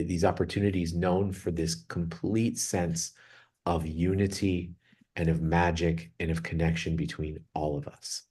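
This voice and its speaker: Male meditation guide with a deep voice, earnest and reflective, on a video call. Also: dark tone, slightly rough. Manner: earnest, reflective, slows down for emphasis. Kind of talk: spiritual talk opening a group meditation.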